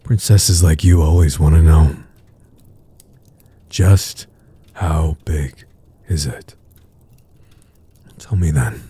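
A man voicing a dominant, teasing adult man in an audio role-play, murmuring low taunts with breathy grunts. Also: slow pace, pauses often, warm tone, full character voice. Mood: taunting.

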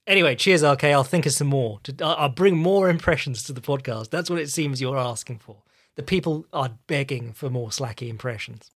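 A man's voice: medium pitch, a bit bright. A man with a posh English accent hosting a casual solo podcast, chatty and swearing casually. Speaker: podcast host.

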